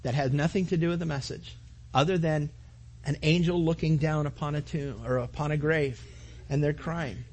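A man's voice: on the high side, fairly even intonation, normal speed, a little mellow. A man preaching a sermon to his congregation, earnest, with repetitions and asides to the listeners. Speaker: pastor.

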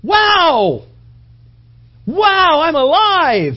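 A man's voice: very high-pitched, huge pitch swings, extremely slow, muffled recording, voice pushed up, heavily acted. A man voicing a husband who is wide-eyed with wonder and exclaims over everyday things. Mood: amazed.

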